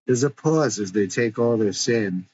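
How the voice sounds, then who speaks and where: A man's voice: mid-range voice, a little slow, darkish tone, a little hiss or hum. A man narrating a story script, reading the stage directions in a plain, matter-of-fact way, in a dull lo-fi recording.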